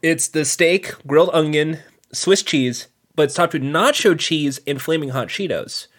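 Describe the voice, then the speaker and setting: A man's voice: on the high side, measured pace. A man on a casual podcast reading through menu items, chuckling now and then. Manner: reads menu items in a relaxed list, chuckling. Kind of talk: casual chat.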